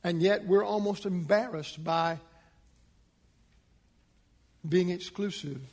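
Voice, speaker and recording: A man preaching a sermon as a pastor, speaking emphatically and building to forceful points. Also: moderate pace, in a large hall. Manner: emphatic, rising to a preaching pitch.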